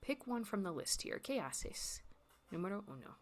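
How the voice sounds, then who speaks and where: A woman teaching a recorded Spanish lesson, encouraging learners and repeating phrases slowly. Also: mid-range voice, big pitch swings.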